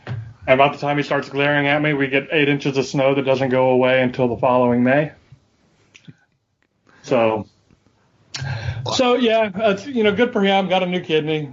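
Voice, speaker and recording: Man, slightly high voice, wry and dry, casual storyteller, lo-fi mic. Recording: dull lo-fi audio.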